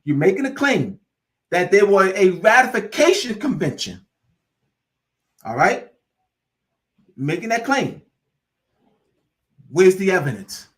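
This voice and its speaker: A man lectures with mounting fervor, hammering the same phrases over and over. His voice sits high for a man, and he slips into casual dialect as he preaches. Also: sing-song, takes it slowly, long pauses. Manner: preachy and repetitive, building in fervor; informal, drops into dialect. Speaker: host. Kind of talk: impassioned lecture.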